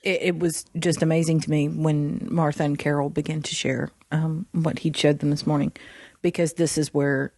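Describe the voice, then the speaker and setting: Woman, Christian podcast co-host, animated, frequent laughter, dry sound. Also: low-pitched, moderate pace, no room sound. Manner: animated, laughing often while talking.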